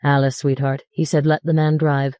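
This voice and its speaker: A woman's voice: deep voice, level tone, moderate pace, mellow, no echo, lightly acted. A woman reading the part of a formal, stiff middle-aged father who keeps a strained, clipped politeness. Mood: restrained politeness.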